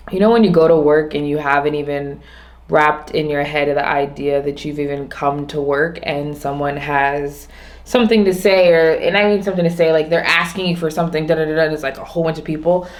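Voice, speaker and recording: Low-voiced woman musing out loud. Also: fairly even intonation. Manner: rambling, restarts often, slows on key points. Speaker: vlogger. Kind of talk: casual reflective monologue.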